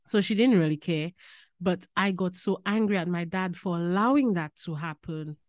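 A woman with a Saint Lucian accent tells stories as a podcast guest, animated and quick to laugh. Her voice sits on the lower side, and it is recorded dry and close with no room sound. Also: dry recording. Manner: animated, laughing, lapses into Caribbean phrasing. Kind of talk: casual storytelling chat.

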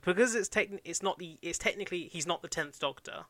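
Fast-talking bright man. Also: on the high side, no echo. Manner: fast, laughing, animated storytelling. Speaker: podcast co-host. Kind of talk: casual chat.

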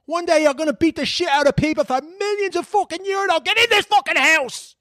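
A man putting on a shrill scolding Dublin mam. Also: fairly quick, sharp tone, no echo, clean studio sound. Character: shouting Dublin mother calling her son home.

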